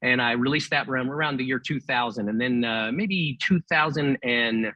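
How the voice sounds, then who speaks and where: A man's voice: mid-range voice, moderate pace, pushed and bright, dry recording, lo-fi sound. A middle-aged man from Texas, a ventriloquist guest, chatting casually in an interview, laughing often and restarting sentences.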